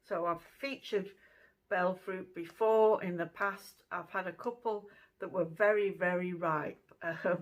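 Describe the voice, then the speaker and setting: A woman's voice: on the low side, fairly bright tone, poor audio. A woman hosting her own channel, chatting casually through a fruit taste test at home, with plenty of fillers. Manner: chatty, conversational, many fillers. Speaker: channel host.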